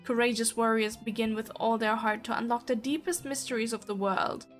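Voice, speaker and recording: A woman reading aloud as a pompous, elegant male noble who speaks in a flowery, formal and condescending manner. The voice sits high, with faint music underneath. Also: fairly even intonation, brisk, natural voice.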